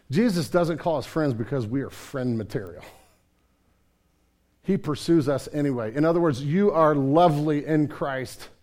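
Pastor, male, slightly higher voice, preaches in a church and swings from quiet intimacy to loud, pressing questions. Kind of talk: sermon.

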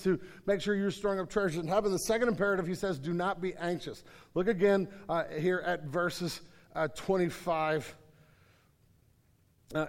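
Male pastor, high voice, earnest sermon delivery with restarts, large reverberant room. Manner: earnest, repeats words, rises to emphatic then drops low. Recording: hall reverb.

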